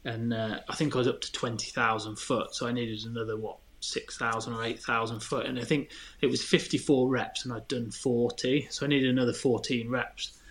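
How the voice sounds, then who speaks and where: A man's voice: medium pitch, little pitch movement, fairly quick, few pauses, fairly bright tone. A man, a podcast guest chatting casually and telling candid, self-deprecating stories. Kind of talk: casual chat.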